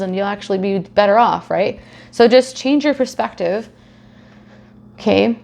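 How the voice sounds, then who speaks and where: A young adult woman with a medium-pitched, gravelly voice does a casual tarot reading, chatting away, swearing freely and acting out silly scenarios.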